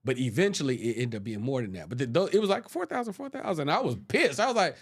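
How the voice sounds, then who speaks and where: A man guesting on a podcast, telling stories casually and jumping into loud, high voices when he quotes people. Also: fast talker, slightly rough. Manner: animated, jumps into loud high voices when quoting people, restarts often. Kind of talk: casual storytelling. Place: podcast studio.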